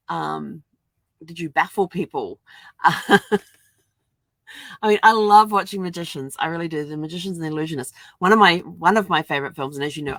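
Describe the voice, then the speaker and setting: An older woman talks casually on a livestream from inside her RV. Her voice sits a little low, and she laughs often as she chats. The sound is dry and close. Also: no room sound. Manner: chatty, laughs often, animated quoting. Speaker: vlogger.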